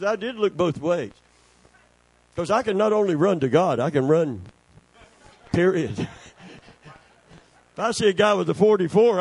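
A man preaching a sermon as pastor, full of amens and praise calls, swinging between loud declaring and hushed slow passages. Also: sits high, vocal fry, slightly rough, dry recording.

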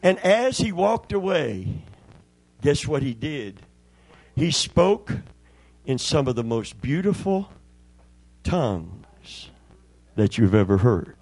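A husky, darkish mid-range voice belongs to an older man giving a sermon laced with folksy tales, where he performs the voices himself. He takes his time, with a sing-song lilt and long pauses.

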